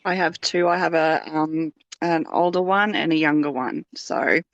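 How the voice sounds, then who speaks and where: A woman being read by a psychic, answering in a casual, unhurried way. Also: low-pitched, dry recording, highs cut off. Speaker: client of a reading. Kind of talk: casual chat.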